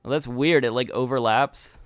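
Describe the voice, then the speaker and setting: A man's voice: mid-range voice, steady tone, moderate pace, dry recording, clean studio sound. Chatty man rambling over a game. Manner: rambling, chatty, with many fillers and restarts. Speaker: gaming YouTuber. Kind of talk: casual game commentary.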